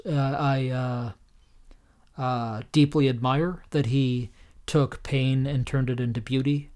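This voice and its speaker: A man's voice: medium pitch, darkish tone, smooth. A man hosting a solo podcast in a casual, rambling way with plenty of fillers, tired and a little tipsy. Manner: rambling and self-deprecating, many fillers. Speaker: podcast host.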